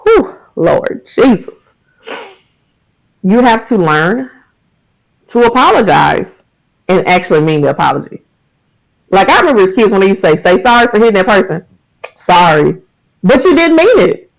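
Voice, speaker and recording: A man's voice: high voice, normal speed, creaky, pauses often, low-quality recording. A man in his thirties hosting a podcast, talking frankly and emphatically in a casual monologue about faith and everyday life. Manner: candid, emphatic, frank and animated. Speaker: podcast host.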